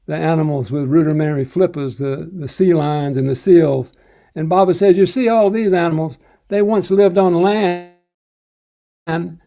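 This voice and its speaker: Older male spiritual teacher, slightly high and mellow, telling personal stories gently. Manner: gentle, unhurried storytelling with soft chuckles. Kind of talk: recounting personal devotional stories.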